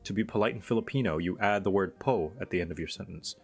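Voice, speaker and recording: A man's voice: deep voice, fast talker, faint music behind. A man streaming and chatting casually, explaining things in a rambling way with fillers. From Thailand. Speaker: streamer host. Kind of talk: casual chat.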